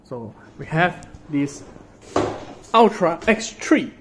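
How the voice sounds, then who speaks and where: A man's voice: fairly high pitch, big pitch swings, slow, noisy background. A man casually narrating a graphics card showcase, often starting with "so" and saying "I assume". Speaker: tech reviewer.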